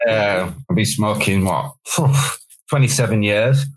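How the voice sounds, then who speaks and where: A husky-voiced man in his forties with a Yorkshire accent, talking as a podcast guest. He rambles candidly, stumbling and repeating words as he goes. His pitch sits in an ordinary middle range. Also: normal speed, low-quality recording. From West Yorkshire, England. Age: 40s. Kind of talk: casual chat.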